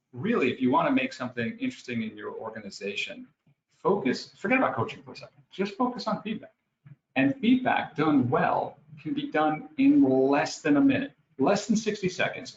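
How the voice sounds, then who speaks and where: A man from New York with a New York accent, a guest speaker telling lively stories in a webinar talk. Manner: lively storytelling, acts out scenes with rising pitch. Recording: roomy, dull lo-fi audio with faint ambience.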